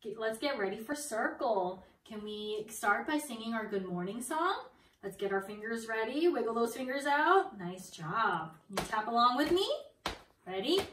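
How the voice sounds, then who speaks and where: A woman's voice: a little high, lively intonation, normal speed, fairly bright tone, a little hiss or hum. A young woman leading toddlers through circle time from her home, in an exaggerated, encouraging sing-song teacher voice. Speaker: preschool teacher. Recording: roomy sound, far from the mic.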